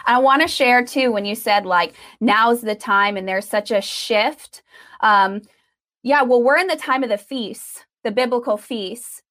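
A woman's voice: a little high, unhurried, a bit bright. Earnest woman sharing faith encouragement. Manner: affirming, earnest, preacherly. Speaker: ministry guest. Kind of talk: faith interview chat.

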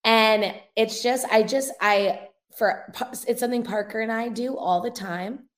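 A woman's voice: fairly high pitch, steady tone, unhurried. A young woman, a revivalist minister, giving an earnest, emotional testimony as a guest in a casual interview. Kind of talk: conversational testimony in a podcast interview.

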